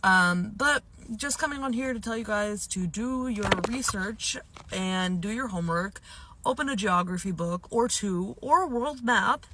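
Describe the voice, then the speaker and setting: A woman's voice: medium pitch, lively intonation, measured pace, pushed and bright, a little hiss or hum. A woman from Hyderabad speaking in a casual vlog, frustrated and lecturing her viewers. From Hyderabad, South India.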